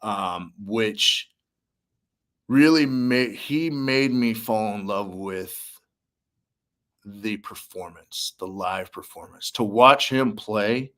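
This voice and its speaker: Young man telling animated stories. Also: fairly low pitch, takes it slowly. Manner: animated storyteller, acts out quotes, many fillers. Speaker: musician and army veteran guest. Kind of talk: casual interview storytelling.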